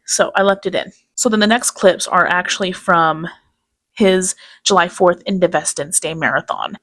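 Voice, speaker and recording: A woman's voice: medium pitch, vocal fry, no echo, clean studio sound. A woman giving casual commentary in a blunt, sarcastic way. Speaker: commentary YouTuber.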